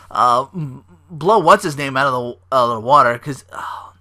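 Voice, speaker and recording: A man hosting a casual solo podcast, rambling excitedly with swearing and fillers. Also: medium pitch, a little slow. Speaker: podcast host.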